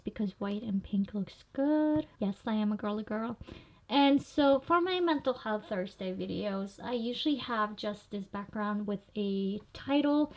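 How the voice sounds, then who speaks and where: A woman's voice: medium pitch, a little mellow. A young woman vlogger talking casually through a screen tutorial, explaining each click as she goes. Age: young adult. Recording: slightly dull lo-fi audio.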